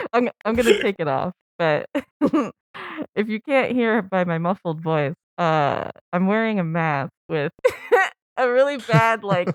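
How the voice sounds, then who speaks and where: A woman's voice: mid-range voice, sing-song, slow pace, no echo. A giggly woman co-hosting a podcast, chatting casually and telling stories with a lot of laughter. Her voice rises and falls expressively, and it is recorded dry and close. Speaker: podcast co-host. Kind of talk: casual chat.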